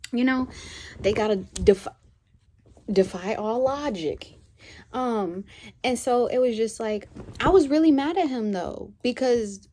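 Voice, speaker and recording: A woman's voice: on the high side, darkish tone, slight background noise. Candid woman talking heart to heart. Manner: rambling, heartfelt, conversational. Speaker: spiritual vlogger. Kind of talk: candid reflective chat to camera.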